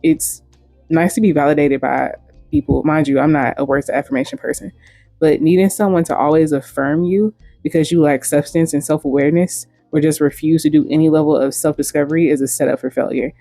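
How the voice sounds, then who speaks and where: Blunt, mellow-voiced woman vlogger. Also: low voice, brisk, no room sound, soft background music. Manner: blunt, frank and profane. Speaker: host. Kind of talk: casual commentary vlog.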